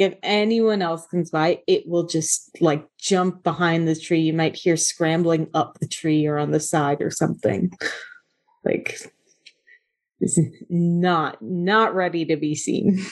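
Slow-talking, low-voiced woman game master. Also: steady tone, darkish tone. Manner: hesitant, many fillers and restarts. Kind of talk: narrating a tabletop game.

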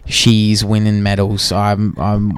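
Young aussie guy on a fitness podcast, blunt and sweary, smooth clear voice, dry sound. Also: on the low side, monotone, takes it slowly, dry recording. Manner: blunt and sweary, laid-back. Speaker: podcast co-host. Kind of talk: casual chat.

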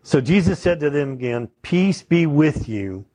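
Slightly high yet dark in tone, this man's voice is animated and a little slow. He delivers a sermon like a conversational lesson, regularly checking on his listeners with questions.

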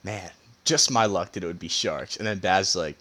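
A man's voice: low voice, moderate pace, a bit bright, dry recording. A man co-hosting a podcast in casual chat, laughing often and retelling scenes with quoted lines over a video call. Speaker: podcast co-host.

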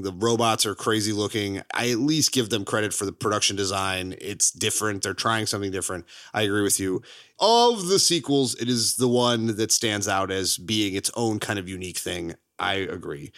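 A man co-hosting a podcast, chatting casually about movies, laughing often and jumping high in pitch for emphasis. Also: fairly bright tone. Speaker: podcast co-host.

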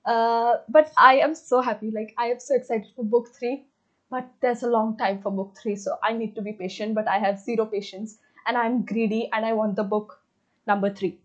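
Young female book vlogger, excitable and gushing, slightly high voice, muffled lo-fi recording. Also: moderate pace. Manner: gushing, excitable, many fillers. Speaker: book reviewer. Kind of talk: casual book review vlog. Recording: slightly dull lo-fi audio.

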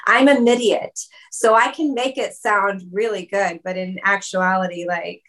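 A woman's voice: mid-range voice, steady tone, a little slow, fairly bright tone. A woman guest speaking in a casual interview, chatty, with many fillers and frequent laughter. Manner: chatty, lots of "like" and "um", laughs often. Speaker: musician guest. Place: video call.

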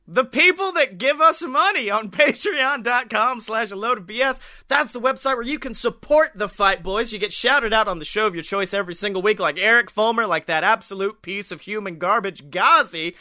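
A man hosts a casual podcast, telling animated stories and laughing along the way. His voice is high and very bright, recorded dry and close. He talks in a loose, chatty way. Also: moderate pace, no echo. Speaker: podcast host. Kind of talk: casual chat.

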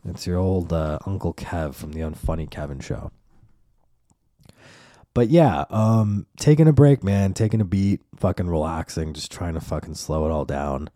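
A man's voice: low voice, normal speed, mellow, dry recording, studio quality. A man hosting his own podcast, talking in a rambling, profane, casual monologue. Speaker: podcast host.

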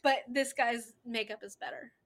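A woman's voice: on the high side, steady tone, moderate pace. A woman chatting casually while watching a movie, playful and laughing often. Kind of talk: casual watch-along chat.

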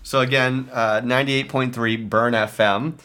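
Very deep-voiced woman hosting a chat. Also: fairly even intonation, moderate pace, fairly bright tone. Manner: encouraging, runs the game. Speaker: podcast host. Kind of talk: casual chat.

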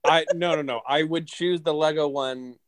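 A man's voice: on the high side, steady tone, normal speed, no echo. Dry-humored man in casual chat. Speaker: podcast co-host.

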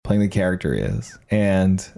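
A man's voice: sits low, big pitch swings, a little slow, creaky, mellow. A man co-hosting a podcast about improv, talking casually and emphatically, prone to tangents. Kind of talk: casual chat.

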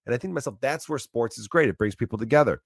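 A man's voice: medium pitch, rapid-fire, vocal fry, no echo. Swearing, rambling man, dry close sound. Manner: animated storytelling, frequent restarts and swearing. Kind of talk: casual rambling monologue.

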